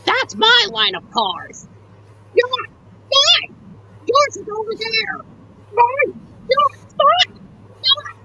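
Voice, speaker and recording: A woman voicing a small male toy engine bickering with his twin, using shrill, shouting lines, over muffled lo-fi call audio. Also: huge pitch swings, very slow, pauses often, slight background noise, full character voice. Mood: squabbling.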